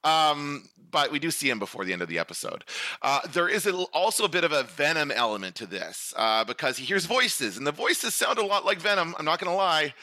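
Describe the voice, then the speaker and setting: A man with a very bright, forward voice chats loosely and rambles between thoughts, laughing along the way. His pitch sits a little high for a man. The recording is dry and close, with no room sound. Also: fairly quick, dry recording. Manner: rambling, animated, laughs often. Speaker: podcast co-host. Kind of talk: casual chat.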